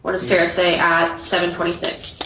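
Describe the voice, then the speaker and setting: A woman's voice: fairly low pitch, monotone, fairly quick, sharp tone. A woman attorney questioning a witness in court, with short, businesslike questions. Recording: echoey courtroom from far off, noisy.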